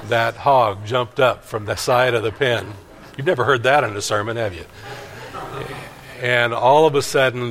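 A man's voice: on the low side, a bit bright. An older man, a pastor, preaching a sermon and telling a folksy story from his childhood.

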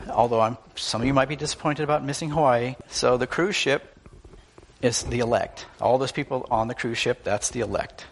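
A man preaching in an earnest, emphatic manner, explaining ideas through stories. His voice sits at an ordinary middle pitch, and he delivers the sermon steadily. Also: slight background noise. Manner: earnest, emphatic, illustrating with stories and acted quotes.

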